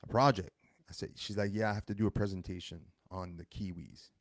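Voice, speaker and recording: In his thirties, this male host delivers a casual monologue, telling stories in a rambling way and correcting himself along the way. His voice is deep and darkish with a steady tone, and he talks fast. The recording is dry and studio quality.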